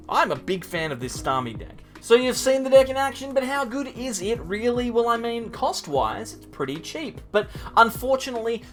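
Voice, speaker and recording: A man's voice: high voice, a bit bright. A man hosting his channel, giving chatty, self-mocking live commentary on a card game match and talking to his opponent. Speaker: channel host.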